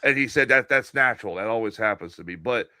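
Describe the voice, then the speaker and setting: A man's voice: lowish voice, lively intonation, quick pace, bright, forceful tone, dry recording, clean studio sound. A man co-hosting a podcast in casual chat, curious and asking questions, retelling what he saw. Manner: curious, asks questions, tells stories. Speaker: podcast co-host.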